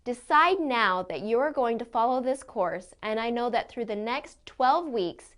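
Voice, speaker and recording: Clear-spoken woman pronunciation teacher. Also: fairly high pitch, lively intonation, a bit bright. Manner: clear, deliberate modeling of sounds. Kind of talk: scripted lesson narration.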